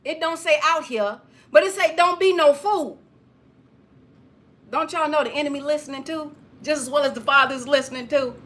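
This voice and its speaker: A woman's voice: sits high, normal speed, a bit bright. A woman giving a preachy straight-talk monologue, lecturing listeners with emphatic repetition.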